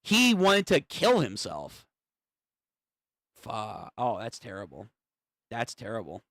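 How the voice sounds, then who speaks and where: Guy reacting live to a manga chapter, slow and swingy voice, dry close sound. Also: medium pitch, no echo. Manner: excitable, swears, thinks aloud.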